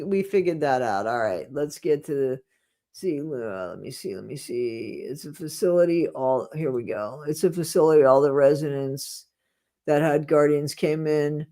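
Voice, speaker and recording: Blunt live host chatting with viewers, mumbles then gets loud and heated, lots of restarts. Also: medium pitch. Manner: blunt, talks in restarts, swings from quiet mumbling to loud ranting. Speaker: livestream host reading viewer comments. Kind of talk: casual live chat.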